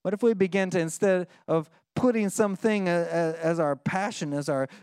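Man, pastor, sermon, conversational, high voice, dry close sound. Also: normal speed, clear, resonant tone, dry recording. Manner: conversational, dips quiet and intense when reading scripture; playful mock voices in asides.

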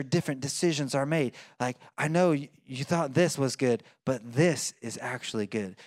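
A man's voice: medium pitch, dry recording. Man, pastor, conversational sermon, dry close sound. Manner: conversational preaching with fillers and restarts.

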